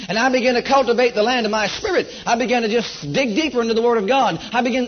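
High male preacher, fervent repetitive sermon delivery, muffled lo-fi recording. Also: rapid-fire, hardly any pauses. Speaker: pastor. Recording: dull lo-fi church recording.

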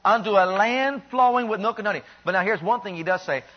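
A man preaching a sermon in an animated way, building to emphatic peaks and then dropping low. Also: fast talker. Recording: dull lo-fi recording.

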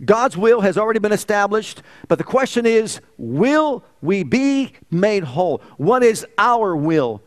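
A man's voice: high voice, sing-song, measured pace, hardly any pauses. A male pastor preaching a fervent sermon full of rhetorical questions and exclamations.

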